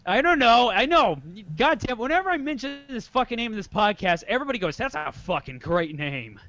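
A young man co-hosting a podcast, telling stories in a profane, animated casual chat. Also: very high-pitched, fairly quick, lo-fi sound. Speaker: podcast co-host.

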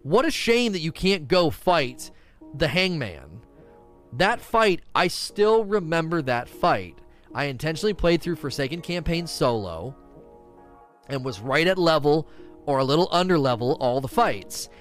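Animated man chatting on a stream. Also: on the high side, a little slow, faint music behind. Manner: animated, rambling, reads chat questions aloud. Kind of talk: casual live-stream chat.

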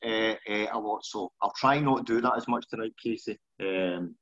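A man's voice: on the low side, moderate pace, fairly bright tone, highs cut off. A Scottish man in his forties hosting a podcast interview in a chatty, self-deprecating way. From Scotland. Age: 40s. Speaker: podcast host. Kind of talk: casual interview chat.

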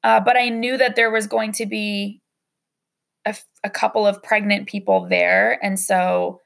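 Young woman podcaster, gravelly fry, open and emotional personal storytelling, casual swearing. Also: medium pitch, flat delivery, a little slow, a bit bright. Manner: candid, emotional, with frequent fillers and swearing. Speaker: podcast host.

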